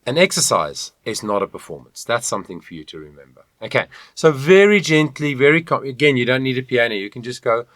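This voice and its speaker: A man's voice: mid-range voice, lively intonation, fairly quick, few pauses, a bit bright, no echo. A man teaching an online singing lesson, encouraging and demonstrating with hums and sung lines. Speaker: voice coach.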